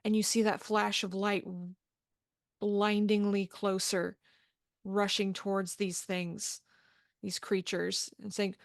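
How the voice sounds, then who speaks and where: Slow-narrating woman game master. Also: medium pitch, little pitch movement, creaky, no echo, studio quality. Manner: measured, descriptive narration. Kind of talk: narrating a tabletop horror game.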